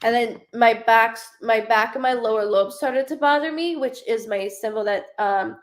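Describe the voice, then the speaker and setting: A woman with a voice on the high side and a moderate pace gives a live psychic reading as a medium. She rambles and swears, often restarting her sentences.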